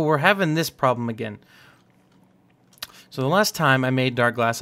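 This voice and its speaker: With a gravelly, sharp-toned, mid-range voice, a young man who hosts a gaming channel offers casual let's-play commentary on a building game. He rambles, cracks jokes and mocks himself as he goes.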